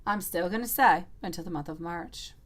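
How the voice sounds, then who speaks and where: A woman's voice: lowish voice, moderate pace. A woman reading tarot on a live stream for viewers, talking in a chatty, rambling way and calling them sweetie and my lovely.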